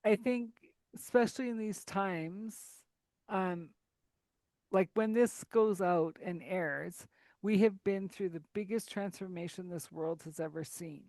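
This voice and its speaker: A woman's voice: mid-range voice, unhurried, dark tone, no room sound. A woman hosting a podcast interview, affirming and reflecting back on what her guest says. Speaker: podcast host. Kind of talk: conversational interview.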